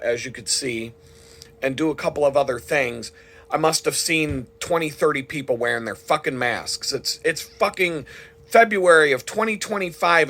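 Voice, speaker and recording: A man's voice: a little high, a bit bright. A man delivering an indignant, heavily profane monologue to the camera. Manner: heated and indignant, frequent swearing. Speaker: vlogger.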